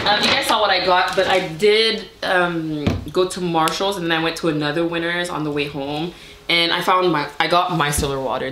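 A woman's voice: fairly low pitch, normal speed. A young adult woman vlogger chatting to camera, gushing and rambling with many fillers. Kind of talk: casual chat to camera. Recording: echoey room with faint noise.

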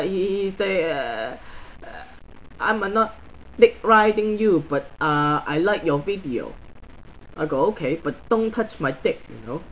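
A man's voice: sits high, dull audio, full character voice. A man doing a crude Chinese guy with a heavy ranting style. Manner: broken English, crude and blunt, stuttering repeats. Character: crude, blunt middle-aged Chinese man, new to social media. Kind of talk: comedic character monologue.

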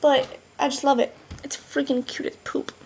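Vlogging casually from home on a laptop mic, a seventeen-year-old girl chats away in a bubbly, rambling style with lots of "like." Her high-pitched, creaky voice has a darkish, level tone at a moderate pace, over slight background noise.

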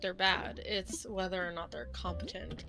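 A woman's voice: on the low side, level tone, moderate pace, poor audio. A young woman who teaches game design, chatting casually and rambling with restarts and swearing while streaming a game at home. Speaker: college game-design instructor. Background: game music.

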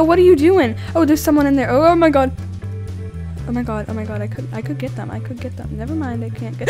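A woman giving casual, giggly, excitable commentary while playing a video game, often laughing at herself. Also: a little high, a little fast, soft background music. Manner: giggly, excitable, self-deprecating. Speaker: gaming YouTuber.

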